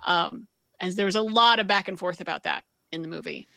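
A woman's voice: mid-range voice, a little fast, creaky, sharp tone, dry recording. A woman in a casual film-review chat, thinking aloud as she talks, with fillers. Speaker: podcast co-host. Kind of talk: casual movie discussion.

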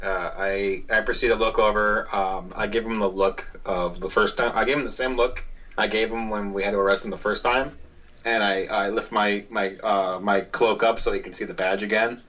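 A man playing a tabletop game, describing his character's actions in a halting way with many restarts. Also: lowish voice, fairly even intonation, a bit bright, low-quality recording. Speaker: player.

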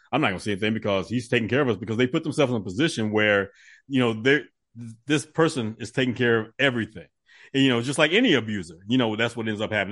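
A man's voice: medium pitch, fairly bright tone, no room sound, clean studio sound. A man co-hosting a podcast, explaining his points emphatically and filling his talk with "you know". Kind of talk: casual podcast chat.

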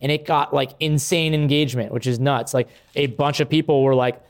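A man who founded a coffee company, a podcast guest chatting casually, excitable and swearing freely. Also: mid-range voice, fairly quick.

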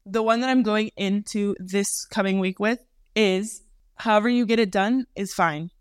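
A woman's voice: mid-range voice, normal speed, clear, resonant tone, no echo, clean studio sound. A young adult woman co-hosting a podcast in casual chat, matter-of-fact and a little teasing. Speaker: podcast co-host.

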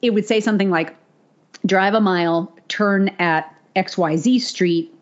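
A woman co-host tells a story on a podcast in a loose, animated voice, dropping casual swears as she goes. Her pitch sits in a middle range for a woman. The audio is a little dull and muffled. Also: unhurried.

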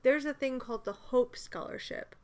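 A woman's voice: high voice, moderate pace. A middle-aged woman in casual podcast chat, talkative and laughing often. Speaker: podcast co-host.

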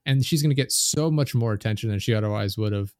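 A man's voice: lowish voice, fast talker, a little mellow, no echo, clean studio sound. A man guesting on a podcast, chatting in a laid-back, matter-of-fact way with plenty of filler words. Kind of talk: casual podcast chat.

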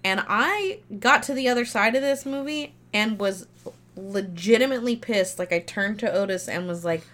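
A woman's voice: medium pitch, expressive, a little slow, bright, forceful tone. A young woman co-hosting a podcast, giving candid, emphatic opinions on a horror film with casual swearing. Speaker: podcast co-host. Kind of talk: casual film review chat.

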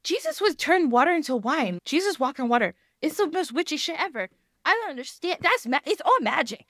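A woman hosting a casual podcast, rambling and laughing as she goes. Her voice is fairly high and very animated. The sound is close and dry. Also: fairly quick, no echo. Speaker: podcast host. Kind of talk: casual chat.

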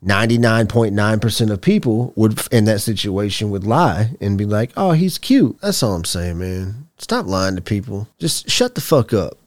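A young man co-hosting a podcast in casual, profane banter, blunt and animated as he tells stories. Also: on the low side, normal speed, hardly any pauses, no echo, studio quality. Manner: blunt, swearing, animated storytelling. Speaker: podcast co-host.

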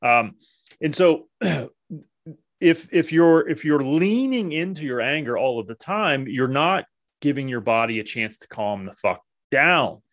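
Man, casual monologue, blunt, heavy swearing, earnest, self-deprecating, halting restarts. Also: medium pitch, animated, a bit bright, muffled recording. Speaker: men's self-help vlogger.

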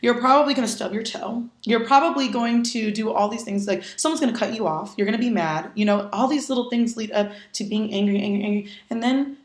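A woman's voice: a little high, fairly quick, hardly any pauses. Candid, emphatic woman in an echoey room. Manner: candid and emphatic, with blunt swearing. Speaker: podcast guest. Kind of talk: casual podcast conversation.

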